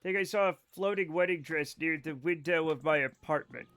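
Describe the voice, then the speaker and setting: Brief: male game streamer with a high voice, chatting to viewers, loose, profane and rambling. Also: a little fast, a bit bright. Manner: rambling, profane, joking asides to chat. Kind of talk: casual live-stream chat with viewers.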